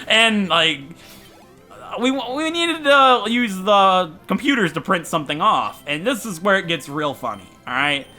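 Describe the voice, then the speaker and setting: Bright, animated male gamer. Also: fairly high pitch. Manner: animated, self-mocking, rambling. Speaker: gaming channel host. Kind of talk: let's play commentary with storytelling.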